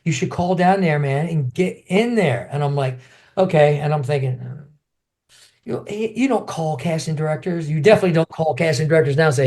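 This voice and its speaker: An older man's voice sits a little high for a man. He tells his story with animation and acts out other people's lines in quick bursts. He sounds like an interview guest caught up in his own memories. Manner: animated storyteller acting out quotes. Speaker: guest, martial artist and actor.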